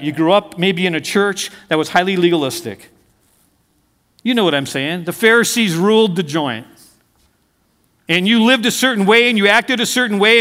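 Hall reverb surrounds this middle-aged pastor as he preaches in a high, somewhat bright voice. His sermon is chatty and anecdotal, peppered with asides to the congregation.

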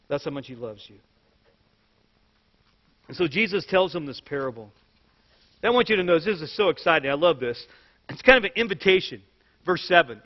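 A high-voiced man preaches a sermon, moving between scripture and animated personal stories with light jokes. His voice carries a long hall echo, and the recording sounds dull and lo-fi. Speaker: pastor.

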